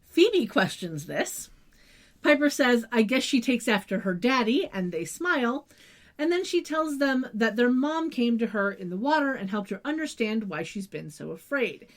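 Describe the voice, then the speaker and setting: A woman's voice: fairly high pitch, big pitch swings, unhurried. A woman co-hosting a podcast, chatting casually and giving her opinions with sarcastic asides. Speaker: podcast co-host. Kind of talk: casual recap chat.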